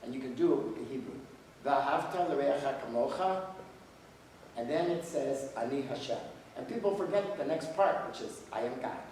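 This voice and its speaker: A man's voice: medium pitch, lively intonation, brisk, few pauses, dark tone, slight background noise. An older man lecturing in a folksy way, telling stories full of quoted dialogue. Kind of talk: storytelling lecture. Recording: echoey hall, voice from far off.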